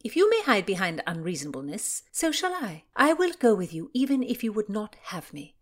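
A woman's voice: medium pitch, very animated, a little fast, pitched above the performer's own voice. A saucy young merchant's daughter from a historical storybook, voiced by a woman reading aloud. She speaks boldly and teasingly, full of playful daring.

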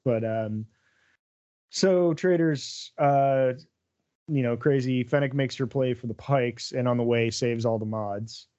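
A man's voice: medium pitch, takes it slowly, mellow, muffled recording. A man co-hosting a podcast, recapping an episode in a loose, rambling way full of fillers. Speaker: podcast co-host. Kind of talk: casual chat recapping a TV episode.

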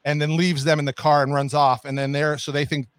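Chatty man, slightly high voice, dry sound. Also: little pitch movement, a little fast, no room sound. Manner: rambling, many restarts and fillers. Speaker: podcast co-host. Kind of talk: casual chat.

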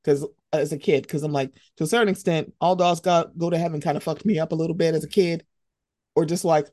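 A young woman hosting a podcast in casual chat, animated and jumping into high, excited voices as she tells stories. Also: brisk, no room sound, studio quality. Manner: animated, swings into high excited voices when quoting herself. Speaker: podcast host.

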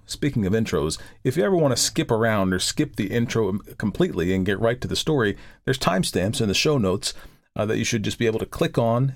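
A man from the United States hosting a podcast, chatting casually and then reading a classic story in a measured voice. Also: medium pitch, no room sound. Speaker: podcast host and narrator.

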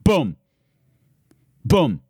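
Giddy, animated male podcast host. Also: on the high side, drawn-out words, breathy edge, no echo, studio quality. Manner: playful, giddy, hammy announcer swings. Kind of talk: casual thank-you shout-outs.

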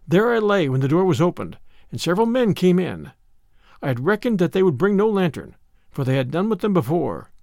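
A male audiobook narrator tells the tale in a slightly raised voice with a gravelly texture. His delivery is dramatic and expressive, recorded close on a studio mic in a dry space. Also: high voice, fairly quick, dry recording. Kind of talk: scripted narration.

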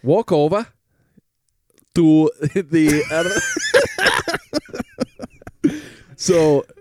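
A man's voice: fairly high pitch, sing-song, very slow, noisy background, voice pushed up, full character voice. A man voicing a pushy male salesman, with chummy sales patter. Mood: salesy. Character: brash British male salesman pitching a product.

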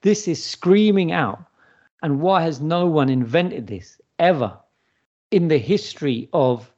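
British guy rambling excitedly, kinda high voice, muffled call audio. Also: measured pace. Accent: British English. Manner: rambling and enthusiastic. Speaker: podcast co-host. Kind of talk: casual chat.

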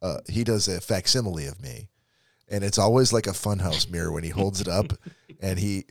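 A middle-aged podcast co-host thinking aloud, with frequent restarts. His voice sits on the low side, and it is recorded close and dry with no room sound. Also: moderate pace, vocal fry, no room sound. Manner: rambling, self-interrupting, reflective. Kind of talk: casual chat.

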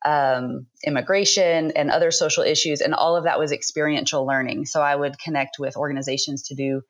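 A woman in her thirties, a book author speaking as a podcast guest, talking thoughtfully with frequent pauses. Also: low-pitched, fairly even intonation. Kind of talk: conversational interview.

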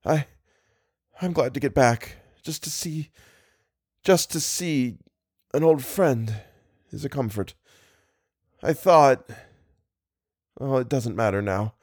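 A man voicing a frightened, broken scholar who speaks in halting, faltering, sobbing phrases. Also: medium pitch, a little mellow, husky, no room sound, clean studio sound. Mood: anguished. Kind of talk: audiobook character voice.

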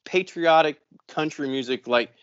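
A man's voice: fairly high pitch, moderate pace, no echo. A man co-hosting a casual podcast, telling a long story full of swearing and rambling restarts, and acting out the voices of the people in it. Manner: profane, rambling storyteller who acts out other people's voices. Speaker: podcast co-host. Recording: dry, slightly dull podcast audio.

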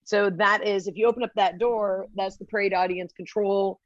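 A woman's voice: medium pitch, fairly even intonation, moderate pace, no echo, muffled recording. A woman, a guest on a podcast, chatting and telling stories in a casual way. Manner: chatty, storytelling. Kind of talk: casual chat.

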